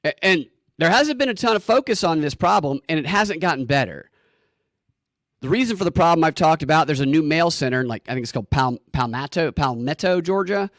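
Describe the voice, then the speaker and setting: A man's voice: a little high, fairly bright tone, no room sound, studio quality. A man hosting a solo political commentary show, talking in a sarcastic, emphatic way and often repeating words.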